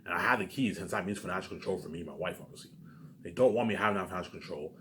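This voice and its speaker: A man's voice: low-pitched, rapid-fire, a bit bright, slight background noise. A man rambling through a casual monologue for his viewers, repeating himself often and swearing freely. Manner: rambling and repetitive, with frequent swearing. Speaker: vlogger.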